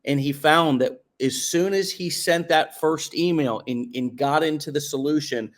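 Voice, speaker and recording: A man hosting an interview podcast, talking in a casual coaching way and stretching out words for emphasis. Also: a little high. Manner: coaching, drawn-out emphatic phrases. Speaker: podcast host.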